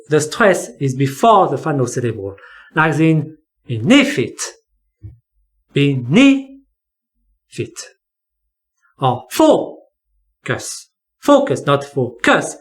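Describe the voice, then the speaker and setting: This is an English teacher walking through spelling rules in a lesson. The delivery is slow and deliberate, with key words repeated for emphasis. The voice swings up and down in pitch as it explains. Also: a bit bright.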